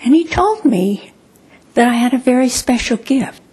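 A woman telling her own life story to listeners, expressive and repeating words for emphasis. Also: fairly high pitch, moderate pace, slightly rough. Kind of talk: personal storytelling talk.

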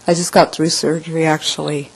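A middle-aged woman telling her own story in an emotional personal testimony, often dropping to a soft hush. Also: low-pitched, level tone, fairly quick, gravelly, slightly rough, rough recording.

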